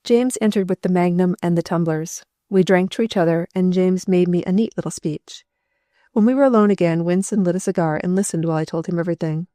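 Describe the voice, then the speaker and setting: A woman narrating a first-person novel as an audiobook, in a steady, measured read on a close microphone. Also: on the low side, no echo.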